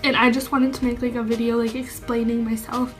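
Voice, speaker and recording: A woman's voice: on the high side, flat delivery, fairly quick, faint music behind. A young woman speaking to camera, telling a personal coming-out story with lots of "like" and moments of tears. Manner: heavy use of "like", emotional and tearful at times. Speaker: vlogger.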